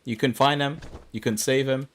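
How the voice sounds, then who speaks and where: A man's voice: medium pitch, steady tone, moderate pace. A young man streaming an online game, rambling through casual commentary with self-mocking asides. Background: game music.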